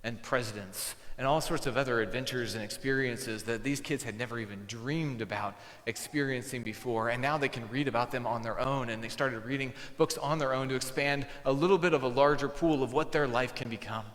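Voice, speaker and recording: A man preaches in a relaxed, conversational way, trading voices as he retells a story. His voice sits at an ordinary middle pitch. The recording carries the long reverb of a large church sanctuary. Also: brisk, hardly any pauses. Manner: conversational, acts out dialogue in a story. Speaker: pastor. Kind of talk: sermon with storytelling.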